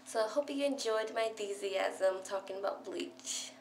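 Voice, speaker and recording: A woman's voice: medium pitch, normal speed, a little mellow. A young woman gushes about a favorite show, her chatter tumbling out with constant "like"s. She sounds recorded in a bare, echoey room with a faint hum underneath. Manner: gushing, breathless fan chatter full of "like". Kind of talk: excited casual recap to camera.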